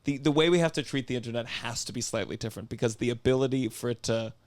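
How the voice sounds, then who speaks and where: Quick-talking male podcast host. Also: mid-range voice, darkish tone. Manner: quick talk, lots of backchannel agreement. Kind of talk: casual podcast chat.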